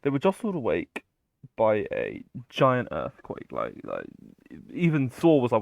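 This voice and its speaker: A man's voice: mid-range voice, wildly swooping pitch, unhurried, vocal fry. A man casually retelling a myth, rambling with many fillers and casual swearing. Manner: rambling, filler-heavy, loose paraphrase. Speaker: storyteller.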